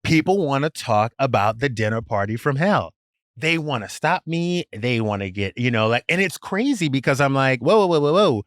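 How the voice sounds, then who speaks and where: A man in his thirties, a podcast guest, telling lively stories in casual chat and acting out the people in them. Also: moderate pace, dry recording, studio quality. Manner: animated, acts out quoted people with big pitch jumps and whispers.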